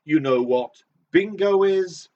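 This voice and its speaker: A man runs a live comedy game show with a playful, camp, theatrical delivery and a lively, swooping voice that sits a little high for a man. He sounds distant from the mic on dull, lo-fi stream audio. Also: slow pace, a little hiss or hum. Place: small club stage.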